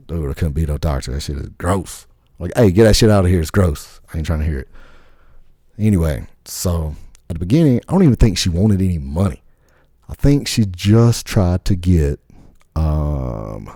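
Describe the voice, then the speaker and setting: A man's voice: low-pitched, dark tone, dry recording, studio quality. A podcast host man in a casual, rambling rant full of crude swearing.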